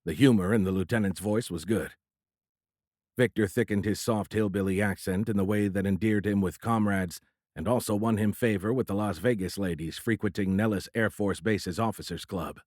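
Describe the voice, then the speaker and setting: A man narrating an audiobook thriller in a steady, measured storytelling voice. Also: fairly low pitch, no echo, clean studio sound. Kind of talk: scripted narration.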